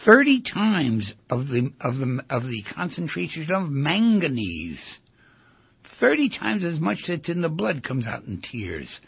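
A man's voice: a little high, big pitch swings, a little slow, gravelly, husky, no room sound, highs cut off. A man hosting a radio talk show as a psychotherapist, talking in a rambling, conversational way and repeating himself.

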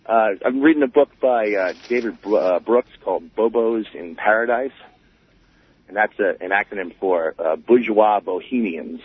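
A man from Long Island calling a radio show, speaking in a hesitant, halting way with lots of fillers. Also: fairly low pitch, husky, no echo. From Long Island, New York. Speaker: caller. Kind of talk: phone call to a radio show. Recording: tinny phone line.

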